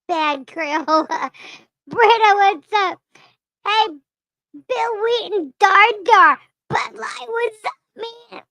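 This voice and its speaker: A bubbly livestream lemur with a strikingly high, squeaky voice that has gone a little hoarse. The lemur drawls its greetings slowly and gushes over each viewer. The sound is close and dry, with no room around it. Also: fairly bright tone, dry recording, heavily acted. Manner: bubbly, gushing, calls out names one by one. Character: excitable chatty lemur character. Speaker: livestream host.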